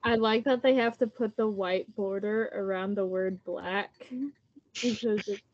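A woman's voice: medium pitch, fairly even intonation, a little slow, darkish tone, no echo, dull audio. A woman co-hosting a casual podcast, answering in short, teasing replies. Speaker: podcast co-host.

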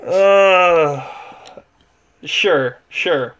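A man chatting on a casual movie podcast, a little higher than most men and with a bright, forward tone. He laughs easily and repeats short phrases while he thinks. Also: extremely slow. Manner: laughs often, repeats himself. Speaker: podcast co-host.

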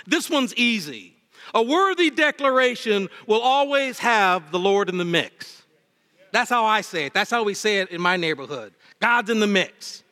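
A man preaching a sermon as pastor, with impassioned delivery that swings between fervent highs and low, emphatic lines. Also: expressive, normal speed, sharp tone. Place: church sanctuary. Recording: long reverb of a church hall. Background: hall reverb.

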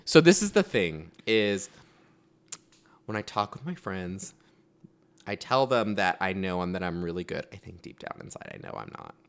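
A man's voice: deep voice, animated, normal speed, clear, resonant tone. A man chatting as a guest on a podcast, rambling through stories with lots of fillers and self-deprecating asides. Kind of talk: casual chat.

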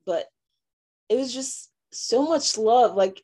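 A young woman from Nigeria, giving a halting personal testimony full of fillers and restarts. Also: medium pitch, lively intonation, warm tone. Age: young adult. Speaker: interviewee.

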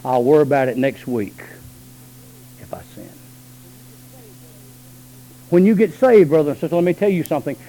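A high-pitched male preacher, delivering a sermon. He talks quickly and low in his asides, then climbs into long, shouted, stretched-out lines. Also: lively intonation, poor audio. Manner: swings from low talk to high shouted calls.

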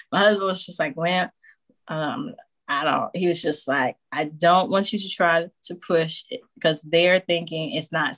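A woman guest on a podcast casually telling a personal story, animated, acting out what others said and laughing often. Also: lowish voice. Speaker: podcast guest, new mother.

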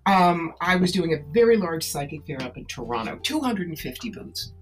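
A psychic and tarot-reading author talks in an interview with an animated, persuasive storytelling drive. Her voice sits very low for a woman. She leans hard on her key words. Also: fairly quick. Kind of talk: interview conversation.

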